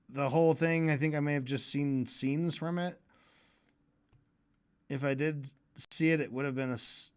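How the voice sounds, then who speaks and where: A fairly high-voiced man rambles through a casual livestream rant, sarcastic and sweary. He restarts his sentences, laughs at his own jokes and now and then bursts into loud mock voices. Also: smooth. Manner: profane, sarcastic, rambling, mimics voices with shouts. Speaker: streamer.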